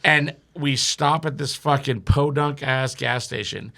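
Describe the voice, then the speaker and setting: Gravelly, bright-voiced man telling stories. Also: mid-range voice, unhurried. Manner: profane, animated, laughs mid-sentence. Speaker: podcast guest. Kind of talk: casual comedic storytelling. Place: podcast studio.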